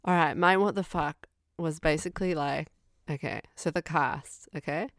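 A woman's voice: low-pitched, moderate pace, no echo, studio quality. A woman co-hosting a podcast, chatting casually and frankly about a film and often going off on tangents. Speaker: podcast co-host.

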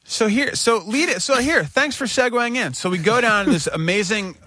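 A man's voice: high voice, moderate pace, bright, forceful tone, slight background noise. A man casually telling a story on a podcast, acting out his own anxious outbursts.

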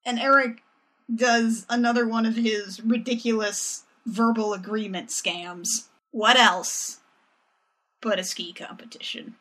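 Woman podcast co-host, fairly high bright voice, animated and sarcastic. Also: a little slow. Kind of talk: casual recap chat.

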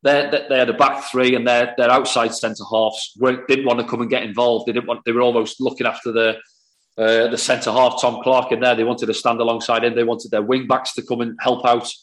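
A former footballer as a podcast guest, analysing a match in long talkative runs with frequent restarts. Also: male voice, medium pitch, level tone, a little fast, a bit bright. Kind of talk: casual podcast chat.

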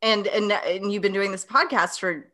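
A woman's voice: medium pitch, moderate pace, bright, forceful tone. A woman host asking questions in a casual interview, often laughing. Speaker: podcast host.

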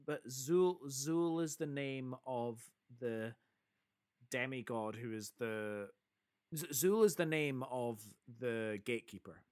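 A man's voice: mid-range voice, slow pace, darkish tone, clean tone. A man in casual chat about a film, eagerly quoting its lines. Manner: enthusiastic, quotes film lines with relish.

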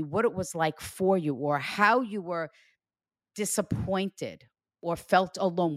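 Animated woman giving a medium reading. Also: on the low side, no echo. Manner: animated, acts out quoted dialogue. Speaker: psychic medium and show host. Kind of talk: spiritual reading.

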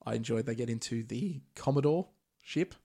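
A man's voice: mid-range voice, moderate pace, creaky. Chatty man recapping a movie. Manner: recaps plot in a relaxed, chatty way with Australian slang. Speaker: podcast host. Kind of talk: casual movie recap chat.

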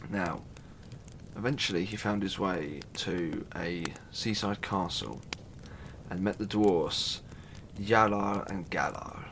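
A man's voice: deep voice, takes it slowly, fairly bright tone, slight background noise. A man casually retelling a myth, chatty and irreverent, with asides and the odd swear. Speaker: storyteller.

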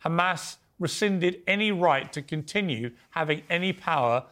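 Firm male debate host, fairly high voice. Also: animated, moderate pace, fairly bright tone. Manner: firm, cuts in to keep control. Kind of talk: televised debate moderation.

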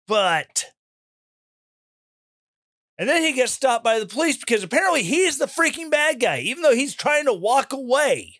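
A man giving opinion commentary in an animated, sarcastic rant, mimicking people he mocks. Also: very high voice, moderate pace, pauses often, no room sound, studio quality. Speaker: commentary host.

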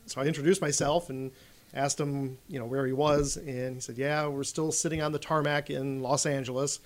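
A man, a convention staff guest, telling a story in an unhurried way on a podcast. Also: fairly high pitch, fairly even intonation. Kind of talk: casual podcast chat.

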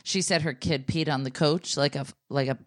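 A woman's voice: low-pitched, fairly even intonation, moderate pace, no echo, studio quality. A woman co-hosting a podcast, chatting casually and joking with her guests. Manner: relatable, jokey, laughs easily. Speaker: podcast co-host.

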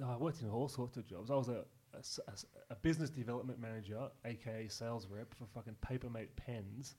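A man's voice: medium pitch, fast talker, warm tone, husky. A young man telling loose, profane stories in a casual podcast chat, often laughing. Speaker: guest.

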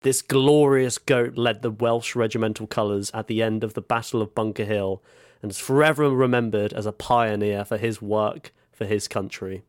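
A man's voice: lowish voice, steady tone, normal speed, dry recording, studio quality. A man co-hosting a comedy podcast, telling a story in a mock-grand way and swearing as he laughs. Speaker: co-host. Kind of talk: comic podcast chat.

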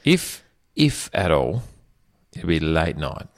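Brief: male co-host, very deep voice, dry joking banter. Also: takes it slowly, vocal fry. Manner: joking, deadpan asides. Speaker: podcast co-host. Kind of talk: casual chat.

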